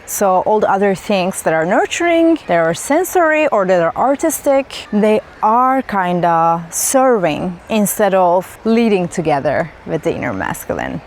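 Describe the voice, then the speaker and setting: A woman's voice: mid-range voice, sing-song, a little slow, a little hiss or hum. A woman giving a spontaneous, reflective spiritual talk outdoors in a forest, musing loosely and asking rhetorical questions. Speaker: spiritual vlogger.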